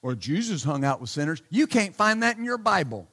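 A male pastor preaching a sermon bluntly and emphatically, often saying hallelujah and shouting his key points. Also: high voice, big pitch swings, fairly quick.

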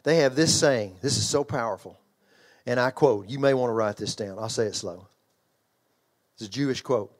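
Speaking at a moderate pace with frequent pauses, this older pastor and children's ministry trainer has a mid-range voice. He preaches emphatically but conversationally, circling back on phrases, restarting sentences, and quizzing his congregation.

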